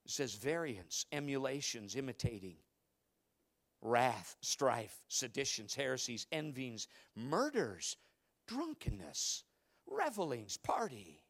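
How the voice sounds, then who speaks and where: A middle-aged man preaching a sermon, telling stories with loud outbursts and hushed asides. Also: medium pitch, sing-song, takes it slowly, vocal fry. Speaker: pastor.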